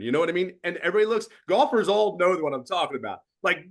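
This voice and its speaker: A middle-aged man mentors a group in a blunt, preachy motivational talk. His pitch leaps sharply when he hammers a point home. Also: very animated, fast talker, few pauses, fairly bright tone. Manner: blunt, preachy, rises to emphatic bursts. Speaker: guest host and mentor.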